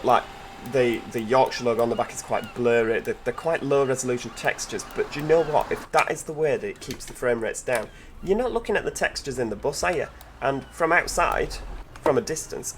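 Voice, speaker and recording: With a medium-pitched voice and slight background noise, the man hosting this gameplay video eagerly commentates as he drives. Chatty and fond of tag questions, the gaming channel host keeps talking to his in-game passengers.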